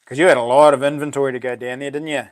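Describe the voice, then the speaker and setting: A man hosting a casual livestream chat, laughing often and reacting excitedly to viewers. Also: mid-range voice, rapid-fire. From New Zealand. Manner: chatty, laughs often, exclaims. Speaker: livestream host.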